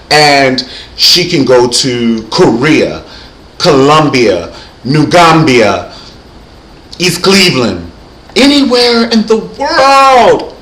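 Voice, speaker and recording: A man hosting a comedy vlog, joking in an animated, exaggerated, playful way. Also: mid-range voice. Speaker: host. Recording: echoey room, faint hiss.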